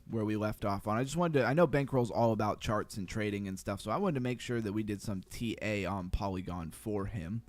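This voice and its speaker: A man hosting a crypto livestream, talking fast and chatty as he walks through charts and greets viewers. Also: on the low side, no echo. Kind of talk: casual livestream chart analysis.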